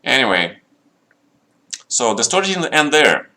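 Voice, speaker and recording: A man's voice: medium pitch, sing-song, measured pace, pushed and bright, a little hiss or hum. A middle-aged man telling a long story on a live chess stream, checking in with listeners as he rambles, in slightly broken English. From Russia. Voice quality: slightly broken non-native grammar. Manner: rambling, keeps checking in with "yeah?".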